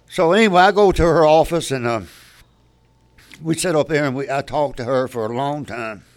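A man's voice: on the high side, moderate pace. An older man telling his personal recovery story at a meeting, candid and rambling, often restarting his sentences.

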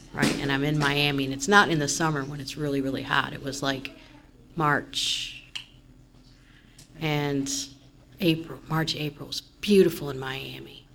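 Speaking at a recovery meeting, a female member gives an open, meandering account of her life, growing loudly frustrated as she relives some moments. Her voice is low, with a faint hiss or hum in the background.

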